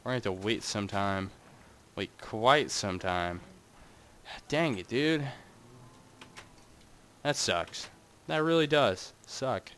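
A man's voice: a little slow, clean tone. A young man giving casual, rambling commentary while playing a game and talking to his viewers. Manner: rambling and chatty, talks to his audience, jumps between wild highs and mutters. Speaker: Minecraft gaming channel host.

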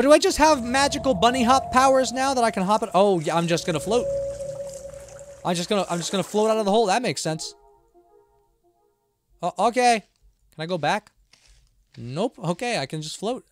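Lively high-voiced male streamer. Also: no echo. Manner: playful, jokey, talking back to game characters; rambling self-talk with frequent restarts. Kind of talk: live gameplay commentary.

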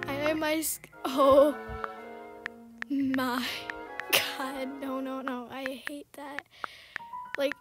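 A woman's voice: sits high, fairly even intonation, drawn-out words, pauses often. A young woman casually commenting on a game she is playing, giggling often and easily spooked. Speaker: gameplay streamer. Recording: music playing underneath.

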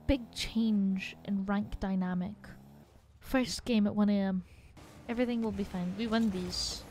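A young woman commentating her own gameplay, excitable and sweary, often yelling at her teammates. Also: medium pitch, normal speed, slight background noise. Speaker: gaming streamer.

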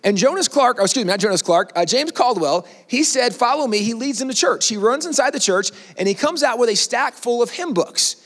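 High-voiced animated male storyteller. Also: fairly quick, few pauses, big-room sound. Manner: animated storyteller, conversational, asks "right?". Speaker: speaker. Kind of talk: storytelling history talk.

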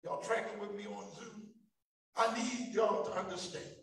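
A man preaching a sermon as pastor, calling to the congregation and rising to shouts at his peaks. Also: high-pitched, steady tone, normal speed, creaky, slight background noise. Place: church sanctuary. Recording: echoey hall from far off.

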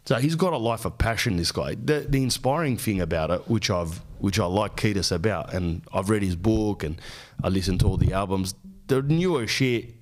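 A man's voice: on the low side, expressive, moderate pace. A man in his thirties with an Australian accent, telling rambling, profane comic stories as a podcast host. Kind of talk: casual comic monologue.

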